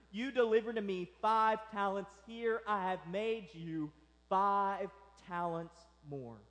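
A male pastor preaching a sermon, telling the story in a lively way and acting out its characters. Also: high-pitched, slow, long reverb tail.

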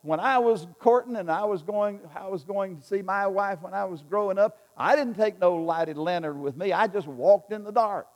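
A man's voice: high-pitched, moderate pace, hardly any pauses, big-room sound, pitched above the performer's own voice. A man preaching voices a tight-fisted old farmer who scolds his hired hand in an indignant tone. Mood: scolding. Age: older.

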